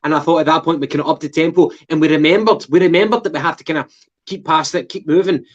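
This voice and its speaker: Higher-voiced Glaswegian man, lo-fi. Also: steady tone, fast talker. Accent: Glaswegian Scottish. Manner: chatty, asks questions. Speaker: podcast co-host. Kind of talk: casual football chat. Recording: dull lo-fi sound.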